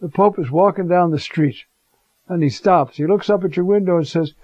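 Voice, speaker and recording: A man's voice: high-pitched, moderate pace, dry recording. A man preaching a conversational homily, animatedly acting out the scene he tells. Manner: animated, acts out the Gospel scene in voices. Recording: dull, lo-fi recording.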